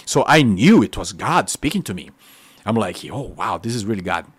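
A man with a Brazilian Portuguese accent, a native Portuguese speaker, giving a testimony sermon in an excitable, animated storytelling way. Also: fairly low pitch, normal speed, slightly rough, no room sound. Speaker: preacher.

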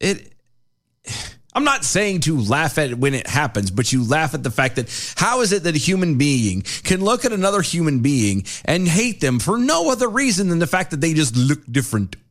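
Animated man chatting opinionatedly. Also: on the high side, normal speed. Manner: laughs often, opinionated, reactive. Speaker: podcast co-host. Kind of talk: casual chat.

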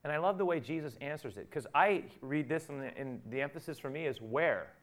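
A male pastor preaching a sermon, acting out the dialogue he quotes and rising from quiet to loud. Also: on the high side, animated, a little fast.

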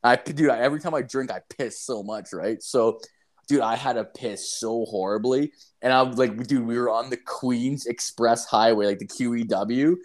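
A man's voice: mid-range voice, normal speed. A man telling a story in casual chat, rambling and profane, full of "like" and "dude", acting out the lines he quotes. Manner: animated, acts out quoted lines.

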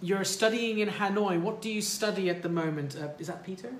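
A man who is an English teacher hosts a livestream, chatting casually and warmly with callers in a high-sitting, fairly quick voice full of fillers and restarts. He uses a livestream mic, and the audio sounds roomy with faint noise.

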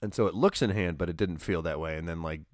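A man co-hosting a podcast, chatting casually about basketball in a rambling, animated way, full of fillers and restarts. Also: deep voice, quick pace, no room sound, clean studio sound. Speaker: podcast co-host. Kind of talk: casual sports chat.

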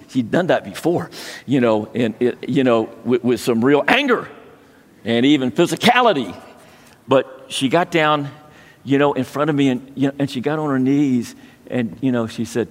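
Halting man preaching in a reverberant hall. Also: mid-range voice. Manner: halting, restarts often, emotional personal story. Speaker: pastor. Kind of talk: sermon.

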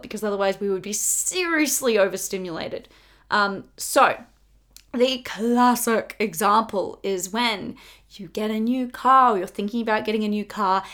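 A young woman hosting a casual self-help podcast, chatty and bubbly, full of fillers and quick laughs. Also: mid-range voice, fairly bright tone. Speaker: podcast host.

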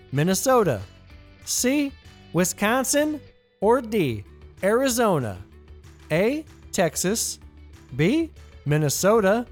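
A man hosts a trivia podcast, reading each question and its options twice and tossing in playful jokes between answers. His pitch rises and falls a lot as he talks. Soft music plays faintly behind him. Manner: playful, jokey asides, reads options twice. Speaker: trivia host.

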